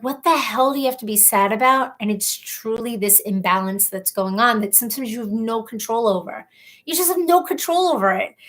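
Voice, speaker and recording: A woman's voice: fairly high pitch, a bit bright. Chatty woman hosting a live stream. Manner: chatty, emotional, openly personal. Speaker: livestream host. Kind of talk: casual live chat reading comments.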